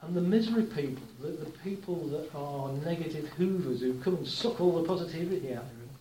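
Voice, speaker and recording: A man giving a relaxed, chatty talk to a live audience, telling anecdotes with gentle humour. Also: fairly high pitch, fast, roomy sound, slight background noise, poor audio. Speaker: workshop speaker.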